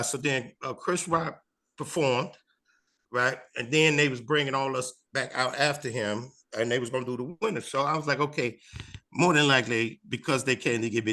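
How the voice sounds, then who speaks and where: A comedian in his fifties with a Chicago accent tells a long story during an interview, his medium-pitched voice fairly quick. He's an animated storyteller who acts out the voices of the people involved.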